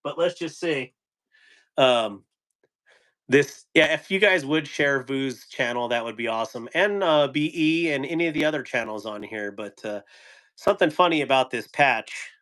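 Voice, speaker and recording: A man's voice: mid-range voice, moderate pace, fairly bright tone. A man in the middle of his range, talking loosely on a live stream. He rambles, chuckles often and answers viewers as he shows off gear. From United States. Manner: laughing, rambling, reading chat. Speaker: knife channel host on a live stream. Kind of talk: casual live-stream chat.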